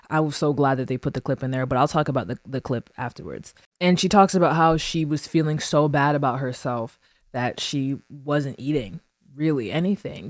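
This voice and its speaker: A woman's voice: low-pitched, a little mellow, dry recording. Opinionated woman, dry close recording. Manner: emphatic, opinionated, slangy. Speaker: recap commentator. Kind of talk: casual reality TV recap commentary.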